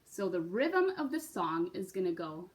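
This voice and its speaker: A woman's voice: lowish voice, very animated, moderate pace. A woman teaching a beginner recorder lesson, patient and encouraging, often checking in with "right?" and "okay?". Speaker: music teacher.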